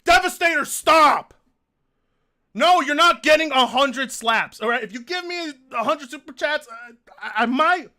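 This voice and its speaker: High bright-voiced swearing male streamer. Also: animated, moderate pace, hardly any pauses. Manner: profane, whiny and exasperated. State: in pain, groaning. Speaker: live streamer reading donations. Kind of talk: casual live-stream chat.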